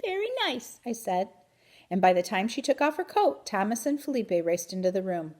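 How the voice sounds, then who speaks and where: A woman reading a children's book aloud in an expressive, animated way. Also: mid-range voice, a little fast. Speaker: reader. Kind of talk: storybook read-aloud.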